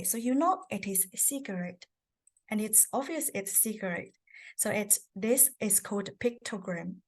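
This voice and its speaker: A woman, teaching a beginners' lesson on characters and tones, patiently explaining step by step. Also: a little high. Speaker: language teacher. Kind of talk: presenting a Chinese lesson.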